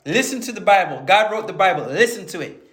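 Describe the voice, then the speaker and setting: A man's voice: sits high, expressive, fast, a bit bright, echoey room. A man giving informal Bible teaching, reading verses aloud and explaining them conversationally, often repeating words as he goes. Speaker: preacher.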